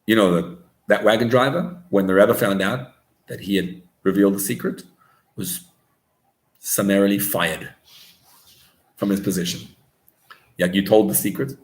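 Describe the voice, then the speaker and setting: A man, a rabbi, preaching a sermon as an animated storyteller who mixes in Hebrew and Yiddish words. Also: lowish voice, moderate pace, long pauses. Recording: roomy echo.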